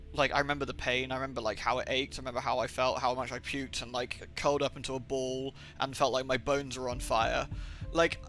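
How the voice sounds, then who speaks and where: A man's voice: mid-range voice, bright, forceful tone. A young man from England rambling and swearing on a livestream, with lots of filler words. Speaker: streamer. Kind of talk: livestream gaming chat.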